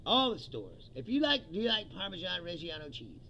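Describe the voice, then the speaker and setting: A man's voice: high-pitched, big pitch swings, a little fast, sharp tone, muffled recording, a little hiss or hum. A man hosting a livestream, giving a casual, profane political rant with sarcastic asides and chuckles at his own jokes.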